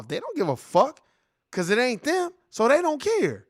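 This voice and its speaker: A man rants through a reaction commentary in a high, lively voice that leaps up and down. He is heated and profane. He keeps circling back to the same points. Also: moderate pace. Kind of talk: casual ranting commentary.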